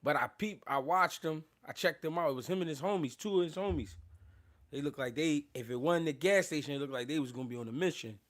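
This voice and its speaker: A man hosting a casual boxing live stream, talking loose and unscripted in street slang. His voice sits a touch high for a man. He rambles, laughs often and keeps thanking his viewers. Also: fast. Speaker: boxing livestream host.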